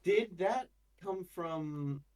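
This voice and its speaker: A man, a voice actor, talking casually as an interview guest in an animated, rambling way. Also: sits high, drawn-out words. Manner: animated and rambling, with many restarts.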